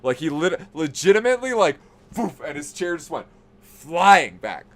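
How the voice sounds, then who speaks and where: Animated, profane male storyteller. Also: a little high, normal speed. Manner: animated, profane, building to excited outbursts. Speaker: podcast host. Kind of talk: casual storytelling.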